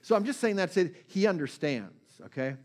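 A man's voice: high-pitched, lively intonation, brisk. A man preaching a sermon in a conversational way, checking in with listeners and retelling scripture stories with feeling.

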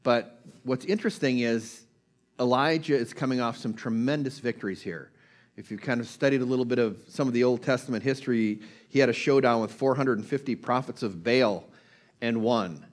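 A man's voice: mid-range voice, brisk. A man giving an informal sermon, retelling a Bible story in a conversational way, with plenty of fillers and restarts. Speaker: preacher. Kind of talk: casual sermon.

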